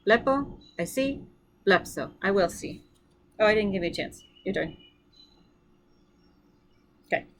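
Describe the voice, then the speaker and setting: An upbeat woman teaches a recorded language lesson at a medium pitch. She is encouraging and thinks aloud with fillers as she explains. She leads drills for the listener to repeat. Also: lively intonation, a little slow, pauses often. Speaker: Greek teacher.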